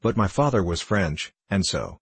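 A bulky, sulky middle-aged man, as a male reader puts him on, with a husky, deadened delivery. His voice sits very low and sounds close and dry. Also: big pitch swings, moderate pace, no echo, heavily acted. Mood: sullen.

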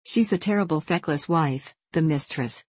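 A woman's voice: sits low, normal speed, husky, dry recording. Woman doing a scornful Scottish washing lass. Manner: scornful, gossiping.

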